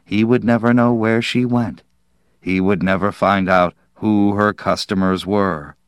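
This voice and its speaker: A man narrating a story aloud in a measured, dramatic reading style. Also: lowish voice, steady tone, smooth, no echo. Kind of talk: audiobook narration.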